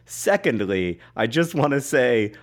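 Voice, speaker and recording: A man's voice: medium pitch, big pitch swings, measured pace. A man co-hosting a comedy podcast in casual chat, wry and dryly joking. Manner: wry, dryly joking, breaks into helpless laughter. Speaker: podcast co-host.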